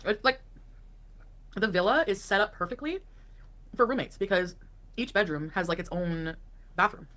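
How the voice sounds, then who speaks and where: A woman's voice: medium pitch, normal speed, pauses often, bright, forceful tone. A woman livestreaming from home, rambling casually with lots of fillers and breaking off to talk to her pets.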